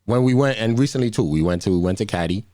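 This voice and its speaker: A man's voice: fairly low pitch, animated, fast talker, mellow, no echo, clean studio sound. A man co-hosting a podcast, telling loose, profane stories in a casual chat. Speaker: podcast co-host.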